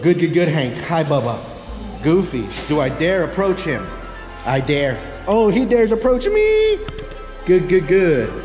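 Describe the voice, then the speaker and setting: A man's voice: a little high, a little mellow, long reverb tail. A man with a Texan accent, a dog trainer talking casually and profanely to the camera, his dogs and a helper while he trains.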